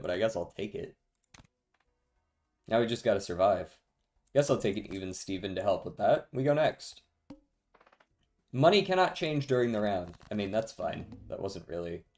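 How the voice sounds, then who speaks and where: Dry-humored young male streamer, low voice. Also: a little mellow. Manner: dry, sarcastic, swears freely. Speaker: game streamer. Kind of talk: casual gameplay commentary.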